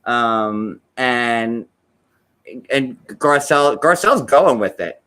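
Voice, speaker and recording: A man chatting casually as a co-host, rambling and circling back with fillers and restarts. His voice is bright and forward, and his pitch sits at an ordinary middle height. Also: lively intonation, takes it slowly, clear, resonant tone. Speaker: co-host recapping a reality show. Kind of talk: casual chat.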